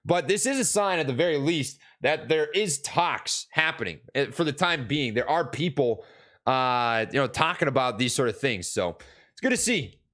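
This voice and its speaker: A young man from Minnesota chats casually about stocks on a live stream, his mid-range voice animated and fairly bright at a normal speed. He rambles with lots of fillers and restarts while answering chat.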